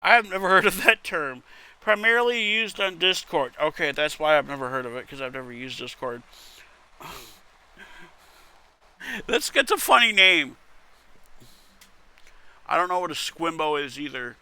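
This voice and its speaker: A man's voice: a little high, moderate pace, long pauses, sharp tone, smooth. A man reading internet posts aloud in casual commentary, wry and muttering, with casual swearing. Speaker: content creator reading posts.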